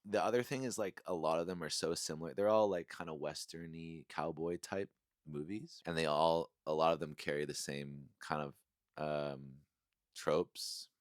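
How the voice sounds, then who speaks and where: A man with a low voice rants casually about movies, rambling through fillers and frequent chuckles. He gets emphatic when he lands on a complaint. The sound is close and dry. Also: steady tone, moderate pace, dry recording. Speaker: movie reviewer.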